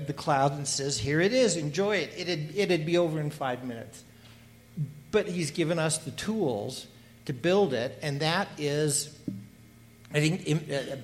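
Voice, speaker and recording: A man speaking in a panel discussion, giving an earnest comment on scripture in an emphatic, preacherly way, with many fillers and restarts. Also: on the high side.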